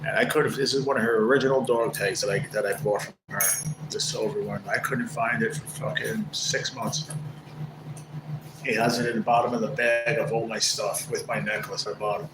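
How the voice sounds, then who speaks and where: A livestream host with a lowish, steady voice talks briskly to his viewers in a casual stream. He rambles, swears a lot and sounds aggrieved, and the room is echoey with background noise.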